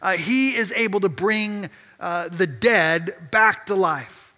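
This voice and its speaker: A man, a pastor, preaching a sermon and telling a story with lively restarts and repeated words. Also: high voice, takes it slowly, in a large hall. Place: church sanctuary.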